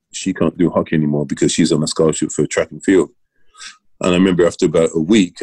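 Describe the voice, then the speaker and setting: A middle-aged man from Britain recounts his coaching days in a casual interview, circling back and restarting as he goes. His voice sits very low and has a mellow, dark tone. The recording is close and dry, with no room sound. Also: husky, dry recording, rough recording. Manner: rambling anecdotes with restarts and laughs. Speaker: guest, former Olympian and coach.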